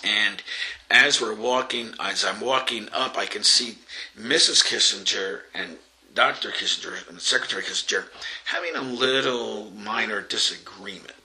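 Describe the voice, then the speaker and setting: A man's voice: fairly low pitch, moderate pace, bright, forceful tone, poor audio. An older man from Long Island telling an anecdote in an interview, acting out the voices of the people in it and often laughing. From Long Island, New York. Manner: storytelling, acts out quoted voices, laughs often.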